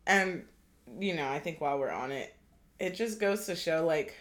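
A young woman in her twenties talking candidly as a podcast co-host, her voice bright and her pitch moving a lot. She is chatty and laughs easily. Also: animated, normal speed. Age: 20s. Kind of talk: casual chat.

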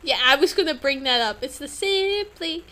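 High, bright giggly woman podcaster. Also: moderate pace, low-quality recording. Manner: giggly, animated, lots of laughing. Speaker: podcast co-host. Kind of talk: casual chat.

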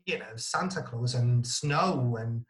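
A man's voice: medium pitch, slow. A man from Italy chatting as a podcast guest. He talks in short, restarting phrases and leans on fillers as he builds his points. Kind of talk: casual conversational chat.

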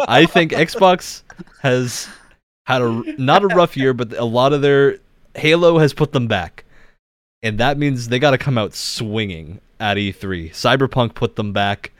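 A man's voice: medium pitch, animated, a little slow, dry recording, clean studio sound. A man hosting a podcast, ranking things on a tier list with theatrical, mock-grand announcements. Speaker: podcast host.

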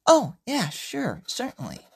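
A woman's voice: a little high, wildly swooping pitch, slow pace, creaky, a little mellow, slightly rough, voice pushed up, heavily acted. Francesca, a courteous bank teller, as a woman reads her. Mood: obliging. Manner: courteous, helpful.

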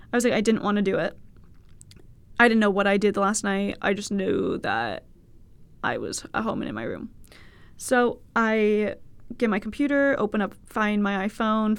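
Gravelly-voiced young woman telling a story. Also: medium pitch. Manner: candid, swearing, laughing, animated quoted voices. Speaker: podcast host. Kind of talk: casual storytelling monologue.

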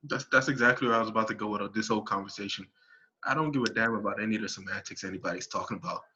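A man's voice: on the low side, rapid-fire, sharp tone, dull audio, slight background noise. A man in casual podcast chat, talking bluntly and emphatically. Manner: brash, emphatic, blunt opinions.

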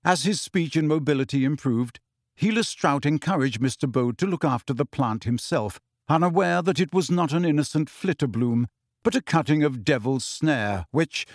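A man narrating an audiobook with a steady, expressive reading. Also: mid-range voice, moderate pace, dry recording, clean studio sound. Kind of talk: scripted narration.

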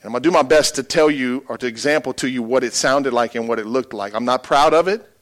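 Preacher man, mid voice, tells a heavy personal story, goes soft then really loud. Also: mid-range voice, quick pace. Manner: emotional storytelling, swings from quiet to loud. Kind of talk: sermon.

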